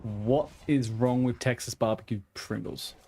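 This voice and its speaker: A man's voice: mid-range voice, steady tone, measured pace, vocal fry, mellow, a little hiss or hum. A young man streaming a game, chatting casually with viewers in a joking, rambling way. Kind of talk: casual chat while gaming.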